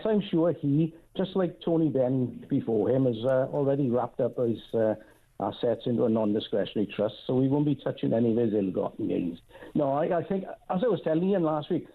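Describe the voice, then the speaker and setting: A man from the Rhondda Valley with a South Wales Valleys accent, calling in to a radio show. He talks in a wry, unhurried way with many pauses. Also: medium pitch, animated. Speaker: caller. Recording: tinny phone line.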